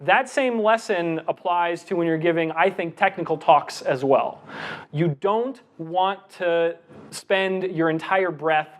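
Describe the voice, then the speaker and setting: A middle-aged man presenting a lecture on giving talks, animated, reciting verse with deliberate breaths. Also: fairly high pitch.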